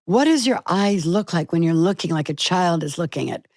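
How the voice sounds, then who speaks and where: Older woman, lively animated storyteller. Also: fairly low pitch, moderate pace, no room sound, studio quality. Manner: animated storytelling, acts out quotes. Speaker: guest, actress. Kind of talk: conversational interview.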